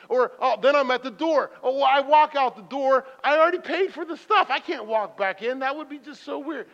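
A man with a high voice preaches in a church sanctuary. He tells his stories in a chatty, self-deprecating way and now and then breaks into loud bursts. The sound is muffled, with a long hall echo. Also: a little fast, few pauses. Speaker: pastor. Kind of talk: sermon. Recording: muffled reverberant hall recording.

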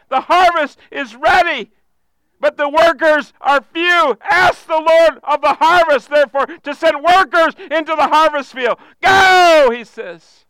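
A man preaching a sermon with passion, using repeated phrases and sudden shouted bursts. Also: very high voice, no room sound, low-quality recording. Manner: impassioned preaching, repetitive cadences, bursts of shouting. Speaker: pastor.

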